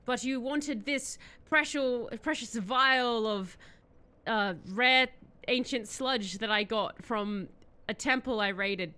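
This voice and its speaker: A woman's voice: on the high side, takes it slowly, bright, forceful tone, smooth. A woman voicing a swaggering, horned, furry male creature who acts as an action hero, in a boastful, brash manner. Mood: defiant.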